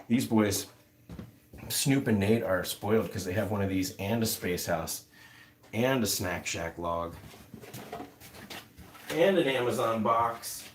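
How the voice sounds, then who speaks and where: A man's voice: lowish voice, slight background noise. A man hosting a casual livestream, rambling with many fillers as he answers viewer comments. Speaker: livestream host.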